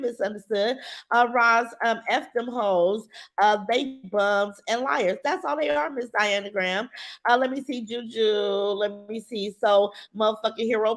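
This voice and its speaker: A woman's voice: a little high, fairly bright tone. A middle-aged woman hosting a livestream, reading viewer comments and talking in a blunt, defiant, profane way. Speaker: livestream host.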